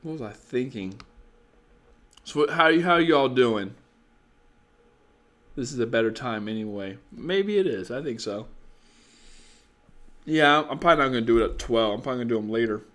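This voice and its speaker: A man's voice: mid-range voice, lively intonation, normal speed, pauses often, fairly bright tone. A tired young man hosting a casual live stream, giving blunt, profane dating advice and chatting with viewers in a rambling way.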